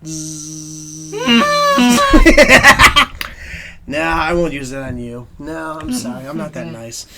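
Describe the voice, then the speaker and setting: Podcast co-host, man; high, gravelly, swinging pitch; taunting comic patter. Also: expressive, moderate pace, hardly any pauses, very noisy. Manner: taunting, rummaging aloud through a bag. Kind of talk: improvised comedy bit.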